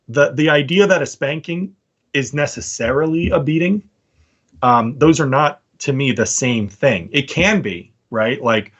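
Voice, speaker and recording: A man's voice: mid-range voice, fairly bright tone, breathy edge. A man hosting a casual debate, making his points through stories and often checking in with "right?". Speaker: podcast host debating a guest.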